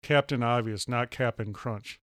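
Teasing podcast guy, smooth clear voice, dry close mic. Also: medium pitch, unhurried, a bit bright, no echo. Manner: teasing, quips and song lines. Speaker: podcast co-host. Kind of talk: casual chat.

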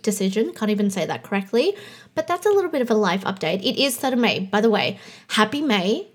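A woman's voice: mid-range voice, sing-song, a little fast, husky. A woman of thirty with a slight lisp, hosting a casual solo podcast in a bubbly, chatty way. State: slight lisp from new aligners. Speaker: podcast host and coach.

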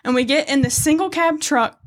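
A woman's voice: high-pitched, brisk. A young woman co-hosting a podcast, telling childhood stories in casual chat and laughing often. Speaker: podcast co-host.

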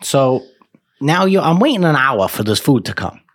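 A man telling a long gripe story on a podcast. His voice sits at an ordinary pitch. He talks in a loose, profane, aggravated way, stacking details as he goes. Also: sing-song, moderate pace, breathy edge. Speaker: podcast co-host. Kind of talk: casual chat.

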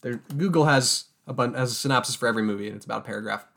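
A man in his twenties co-hosting a casual movie chat, with upbeat, quick banter. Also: mid-range voice, gravelly, a bit bright. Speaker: podcast co-host.

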